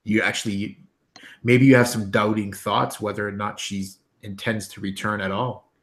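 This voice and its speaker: A man with a fairly low voice narrates as game master of a tabletop game. He talks haltingly, with frequent ums and restarted phrases. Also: flat delivery, a bit bright.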